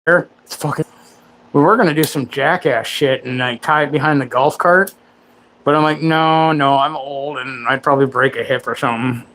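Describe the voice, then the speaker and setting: A man's voice: medium pitch, fairly even intonation, normal speed, pushed and bright, slight background noise. Crude, joking man in his forties. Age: 40s. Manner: crude, joking, self-mocking. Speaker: livestream host. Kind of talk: rambling casual livestream chat.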